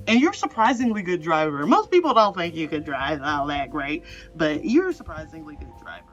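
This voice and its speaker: A woman's voice: deep voice, sing-song, fairly quick. A woman giving a casual pick-a-card tarot reading, rambling and chatty with frequent laughs. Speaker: tarot reader. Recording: slightly dull lo-fi audio with faint music.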